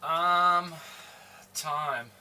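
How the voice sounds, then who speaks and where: Australian man, livestream host, slow casual chat, bright voice. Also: on the high side, smooth. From Adelaide, Australia. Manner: slow, relaxed, chatty, greeting viewers. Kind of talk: casual chat while cooking. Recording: voice somewhat far from the mic.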